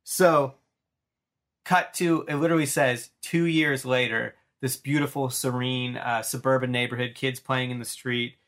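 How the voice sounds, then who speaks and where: A man in his thirties chatting on a podcast with a bright, forceful tone. He talks with eager enthusiasm, rambling and acting out the story as he goes. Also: mid-range voice, fairly even intonation, unhurried. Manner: enthusiastic, rambling, acts out scenes. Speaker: podcast host. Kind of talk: casual chat.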